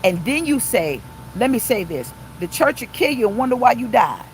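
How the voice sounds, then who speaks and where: A woman's voice: a little high, big pitch swings, moderate pace, slight background noise, low-quality recording. A woman pastor preaching an informal livestream sermon, emphatic and repeating her points to viewers. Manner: emphatic, repeats phrases, talks to live viewers.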